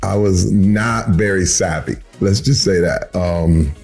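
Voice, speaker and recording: Man in his 50s from Flint, Michigan: lowish voice, halting and self-mocking, over faint music. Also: gravelly, a little mellow, husky. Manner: hesitant, self-deprecating, many restarts and fillers. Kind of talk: casual storytelling chat.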